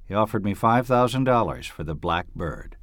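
A cynical hard-boiled detective, curt and sardonic, with a bitter edge in every line, as a man reads him aloud. The voice sits fairly low and moves a lot in pitch. The sound is dry and close. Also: expressive, moderate pace, fairly bright tone, no room sound. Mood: cool. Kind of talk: audiobook reading.

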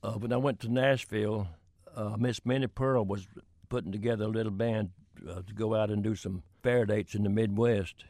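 An older man with a drawl spins folksy anecdotes, chuckling now and then. His voice sits low with a gravelly texture, and the recording is dry and close. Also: steady tone, normal speed, darkish tone, no room sound. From Florida. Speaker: country singer-songwriter guest. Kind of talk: storytelling in an interview.

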